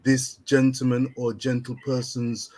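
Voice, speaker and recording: A man's voice: medium pitch, monotone, measured pace, crowd noise. A man co-hosting a casual live-stream chat, playful, wordy and theatrical. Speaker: co-host.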